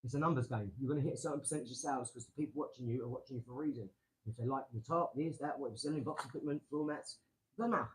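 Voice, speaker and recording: A man hosting a casual live stream from his garage, rambling excitably and talking straight to his viewers. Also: mid-range voice, racing, low-quality recording. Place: home garage.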